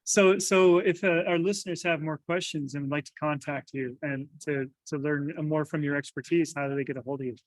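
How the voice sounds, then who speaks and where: A man's voice: a little high, fairly even intonation, a little fast, few pauses, no echo, rough recording. A man hosting a podcast interview, friendly, wrapping up politely over a video call. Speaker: podcast host.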